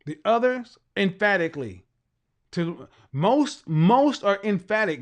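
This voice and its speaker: A middle-aged man with a voice pitched fairly high for a man, holding forth as a talk show host. He lectures emphatically and drives each point home by repeating it. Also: sing-song, slow. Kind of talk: lecturing commentary monologue.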